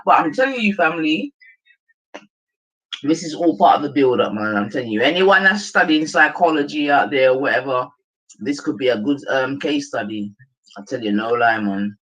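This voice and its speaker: A man with a London accent hosting a livestream, giving casual commentary in an animated, slangy way and calling his viewers family. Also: medium pitch, moderate pace, rough recording. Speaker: livestream host.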